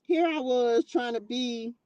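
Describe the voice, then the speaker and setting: A woman's voice: fairly high pitch, unhurried, clear, resonant tone, no echo, muffled recording. Chatty woman livestream host, dry sound. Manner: chatty and expressive, calls viewers baby and child, bursts of laughter. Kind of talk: casual livestream chat with viewers. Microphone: tablet mic.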